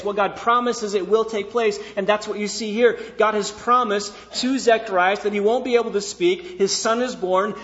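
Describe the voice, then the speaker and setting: A man preaching a sermon, reading scripture and explaining it, moving between hushed, slow passages and loud, emphatic ones. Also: high-pitched, dull audio. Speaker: pastor.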